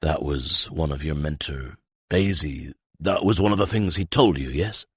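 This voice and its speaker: A man doing a gruff, stern weapons master, a growl sunk deep and low, with a husky edge. He bends his word order backwards and grumbles through every line of this storybook. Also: moderate pace, dry recording, heavily acted. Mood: grumbling.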